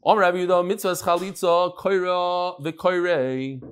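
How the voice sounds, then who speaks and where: High-voiced, joking male Mishnah teacher. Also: moderate pace, clean tone. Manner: animated and joking, mixes Hebrew terms into English. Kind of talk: daily Mishnah class with live demonstration.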